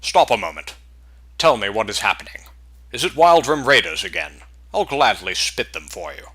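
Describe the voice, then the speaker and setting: Calm proud warrior dude, read out by a man, measured and bossy, bright voice. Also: medium pitch, husky, heavily acted. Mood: commanding. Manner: measured, commanding. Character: calm, proud male warrior blade master.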